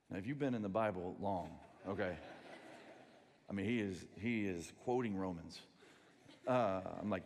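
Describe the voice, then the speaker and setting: Pastor preaching in a big church hall. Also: male voice, sits low, moderate pace, pauses often. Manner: animated storytelling, acts out quoted voices. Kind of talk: sermon. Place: large church sanctuary. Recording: long reverb of a large church hall.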